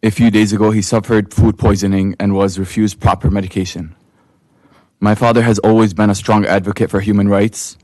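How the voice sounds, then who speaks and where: A man giving grave, measured public testimony at a county committee hearing. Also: lowish voice, level tone, a little mellow, no echo, studio quality. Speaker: public commenter.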